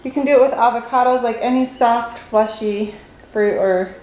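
A woman's voice: on the high side, moderate pace, reverberant, noisy background. A young woman vlogging casually at home, chatty and giggly, with lots of filler words. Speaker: family vlogger. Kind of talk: casual family vlog. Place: busy family home with children.

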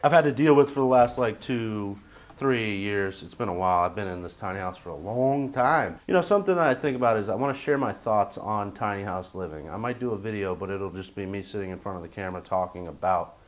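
A man's voice: on the low side, brisk. A man chatting casually to camera as a vlogger from his tiny house, rambling and jokey with lots of fillers.

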